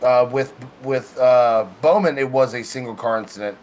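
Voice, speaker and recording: Male play-by-play commentator, mid pitch, wry and joking, faint background hiss. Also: normal speed, a little mellow. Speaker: sim racing commentator. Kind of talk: live race commentary.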